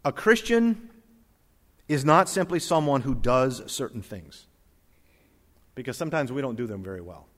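A man preaching a sermon, reading scripture aloud and swinging between loud emphatic lines and soft quiet ones. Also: medium pitch, lively intonation, normal speed, pauses often. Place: church hall with congregation. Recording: long reverb of a hall.

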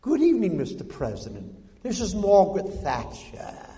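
A preacher doing a falsetto impression of a prim, formal older woman who leads a nation. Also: huge pitch swings, normal speed, dark tone, far from the mic, heavily acted. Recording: long hall reverb.

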